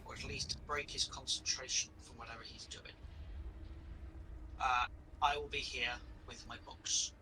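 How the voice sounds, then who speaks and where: A man voicing a studious woman adventurer who speaks low and half whispers. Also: steady tone, measured pace, long pauses, sharp tone, slight background noise, low-quality recording. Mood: hushed.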